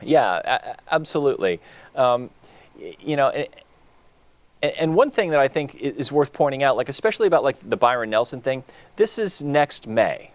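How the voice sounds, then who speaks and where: A man co-hosts a charity gala live, sounding earnest and heartfelt as he rambles with plenty of fillers. His voice sits at medium pitch with wide swings in intonation, his speed is normal, and the recording carries no room sound.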